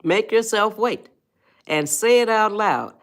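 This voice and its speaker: A woman's voice: mid-range voice, lively intonation, slow. Woman, live-stream host, casual, coaxing, talks straight to viewers. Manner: chatty, coaxing viewers, restarts and rewinds. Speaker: livestream host, life coach.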